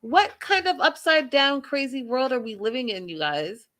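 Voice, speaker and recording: A woman's voice: high voice, very animated, moderate pace, a bit bright. A woman hosting a reality TV recap and review. She talks with strong emphasis, repeating phrases and firing off rhetorical questions at her listeners. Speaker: host. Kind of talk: TV show recap and commentary.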